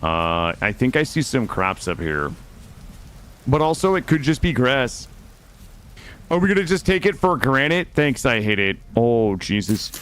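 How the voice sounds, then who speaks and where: A man streaming a game live, talking to his chat in a loose, joking, foul-mouthed ramble. His pitch swings up and down constantly with playful energy, recorded close on a studio microphone. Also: very animated, unhurried, fairly bright tone, clear, resonant tone. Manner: jokey, profane, chatty, talking to chat. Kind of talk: casual live gameplay commentary. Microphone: studio dynamic mic.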